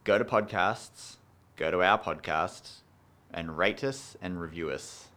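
A man's voice: low voice, measured pace, sharp tone. A man hosting a podcast, chatting casually and trading jokes with his co-host. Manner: joking, laid-back banter. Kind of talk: casual chat. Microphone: headphones and studio mic.

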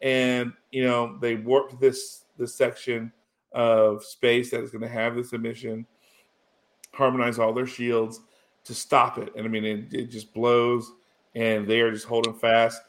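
A man in casual conversation, rambling through a story with plenty of fillers and restarts. His voice sits at an ordinary middle pitch, and he gets emotional as he goes. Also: flat delivery, measured pace. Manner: rambling, full of "you know" and restarts, emotional. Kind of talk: casual chat recapping a TV episode.

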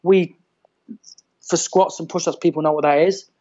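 A man talking as a fitness trainer in a casual podcast chat, loose and animated, full of restarts and "like". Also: on the high side, moderate pace, lo-fi sound.

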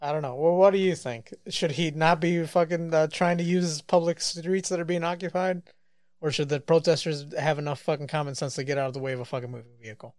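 A man riffs on news clips with a podcast partner, swearing constantly and getting worked up. His voice sits on the higher side for a man. The recording is dry and close, with no room sound. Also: quick pace, no room sound. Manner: profane, excitable, swears constantly. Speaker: podcast co-host. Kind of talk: casual banter reacting to news clips.

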